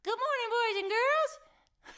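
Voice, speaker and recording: A woman's voice: slow pace, heavily acted. Mickey Mouse, as a woman puts him on. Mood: chirpy. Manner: high falsetto, chirpy and bright. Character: squeaky cheerful cartoon mouse, male.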